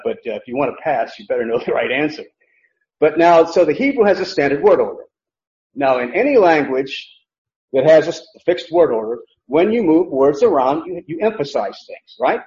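A man's voice: mid-range voice, darkish tone. A man preaching a sermon, teaching emphatically and asking the congregation rhetorical questions. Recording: echoey, dull lo-fi recording.

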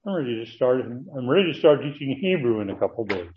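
A man teaching a Bible passage to a class, earnest and emphatic, slowing down to stress key words as he reads from his notes. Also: medium pitch, sing-song. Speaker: pastor teaching a Bible study. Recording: dull lo-fi recording.

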